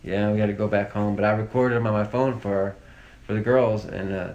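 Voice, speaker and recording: Low gravelly man reminiscing. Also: steady tone, brisk, a little mellow, highs cut off. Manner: rambling, many fillers and restarts. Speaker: interview guest, victim's brother. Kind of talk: casual, emotional recollection.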